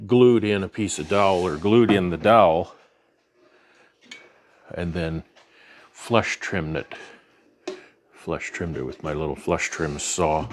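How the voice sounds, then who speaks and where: Low-voiced Canadian man, casual beekeeper vlog. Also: slow pace, long pauses. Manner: easygoing, rambling with many fillers and restarts. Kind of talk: casual show-and-tell narration.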